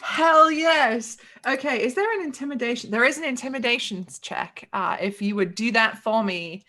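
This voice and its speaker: A woman's voice: a little high, normal speed, sharp tone. A woman narrating as game master of a tabletop game, upbeat and swearing freely, with plenty of ums.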